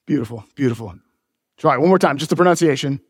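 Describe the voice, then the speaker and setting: A man's voice: medium pitch, animated, quick pace, breathy edge, no room sound, studio quality, in a large hall. A pastor in his forties, preaching a sermon in a church, mixing joking teases with earnest preaching. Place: church sanctuary.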